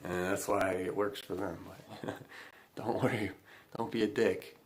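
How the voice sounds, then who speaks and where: A man's voice: low voice, fairly even intonation, unhurried, rough recording. A man hosting a casual spiritual talk, rambling with lots of fillers and frequent laughs. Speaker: spiritual channeling host. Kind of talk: casual livestream chat.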